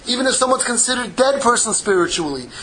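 A man giving an impassioned Torah sermon, mixing Hebrew terms into English and swinging from loud pleading to hushed, intimate tones. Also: very high voice, animated, fast, slight background noise, low-quality recording. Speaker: rabbi giving a Torah class.

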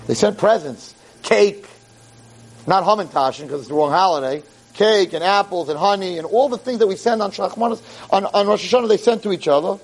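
A man giving an animated holiday sermon as a rabbi, mixing Hebrew verses with English and acting out the quotes dramatically. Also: slight background noise. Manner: dramatic, acts out quotes with big pitch jumps. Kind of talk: animated sermon to a live audience.

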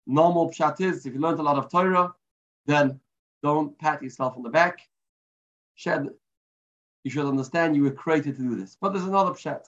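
In a dull, lo-fi recording, a man gives his weekly Torah lesson, recounting a parable mixed with Hebrew terms. His voice is fairly high, his pace moderate, and he leaves long pauses.

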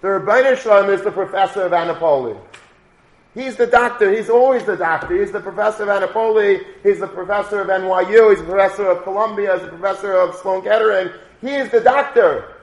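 A wise old rebbe lays out his lesson and drives it home, each line more emphatic than the last, as a preacher quotes him. The voice sits high and rings in an echoey room. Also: fast. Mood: fervent. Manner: declaring with rising emphasis. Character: wise old male rebbe, calm then fervent.

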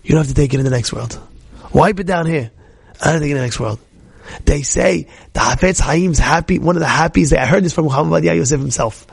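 Middle-aged rabbi guy telling stories loud, high gravelly voice, dead dry sound. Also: fast talker, no echo. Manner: storytelling with shouted outbursts and repeated restarts. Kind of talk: animated Torah talk.

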